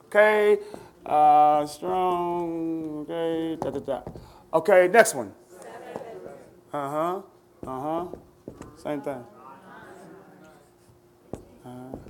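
A man's voice: sits high, sharp tone. A man teaching a Bible study, questioning his listeners in a conversational way and laughing often.

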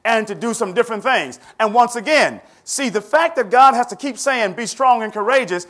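A man's voice: extremely high pitch, lively intonation, normal speed, fairly bright tone. A man teaching a Bible study, questioning his listeners in a conversational way and laughing often.

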